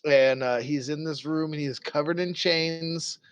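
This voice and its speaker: A man's voice: fairly high pitch, fairly even intonation, normal speed, smooth, dry recording. A young man narrating a tabletop game as game master, in a loose, casual storytelling manner full of fillers.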